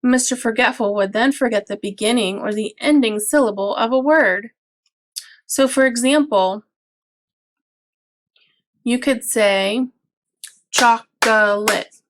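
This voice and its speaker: Brief: woman teacher, slightly high voice, unhurried, patient explainer for a parents' lesson video. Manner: slow, clear, patient explaining with drawn-out example words. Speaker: early childhood teacher.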